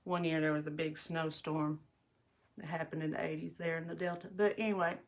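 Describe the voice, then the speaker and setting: Middle-aged woman, livestream host; low-ish, chatty, rambling storyteller doing makeup on a phone. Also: flat delivery, fairly quick. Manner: chatty, rambling, addresses viewers as y'all. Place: bathroom at home.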